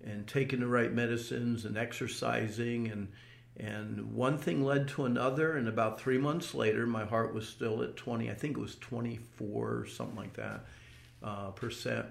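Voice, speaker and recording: An older man tells his story in an interview with an earnest, plain delivery and frequent small restarts. His voice has a gravelly texture, and the sound carries the echo of a roomy space. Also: medium pitch, fairly even intonation, normal speed. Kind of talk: personal testimony.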